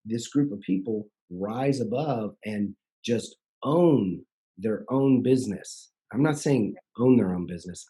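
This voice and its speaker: A man with a husky, slightly breathy voice talks on his podcast. His tone is mellow and warm. He coaches contractors in an earnest, pitching way and stresses key points by repeating them. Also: measured pace. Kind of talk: persuasive podcast talk.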